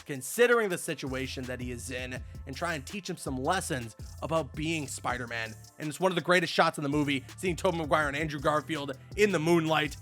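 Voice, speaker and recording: A young man talks through a movie with gushing, excitable enthusiasm, his voice sitting high. He keeps building the hype as he goes. Faint music plays underneath. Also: brisk, hardly any pauses. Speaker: movie reviewer. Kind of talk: enthusiastic spoiler review.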